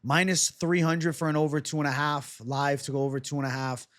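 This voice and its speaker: A man's voice: a little high, little pitch movement, fairly bright tone. A young man casually breaking down fight predictions and betting odds on his own show, joking and swearing as he goes. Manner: casual, fast-talking, swears and jokes. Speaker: MMA betting analyst.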